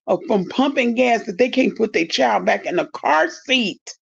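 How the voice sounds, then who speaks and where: A woman's voice: fairly high pitch, animated, moderate pace, creaky, slightly rough. A woman in her fifties giving blunt, indignant casual commentary to her viewers. She swears freely. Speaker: commentary vlogger. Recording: dull lo-fi audio.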